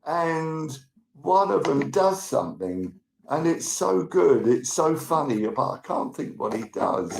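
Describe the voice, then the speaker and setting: A man's voice: a little high, big pitch swings, a little slow, vocal fry. A middle-aged man, hosting a rambling live stream and greeting and thanking viewers. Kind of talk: casual live-stream chat. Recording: roomy room with faint noise.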